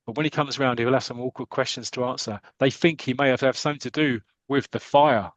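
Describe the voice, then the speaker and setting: A man voicing a calm older team-mate who speaks in low, steady reassurance. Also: fairly quick, no echo, close to an everyday voice. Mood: reassuring.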